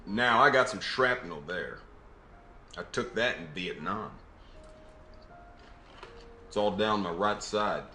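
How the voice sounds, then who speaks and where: Brief: man playing a courteous older Southern US vet, put-on drawl, bright, echoey room. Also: fairly low pitch, slow pace, long pauses, slight background noise, pitched below the performer's own voice, full character voice. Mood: bashful.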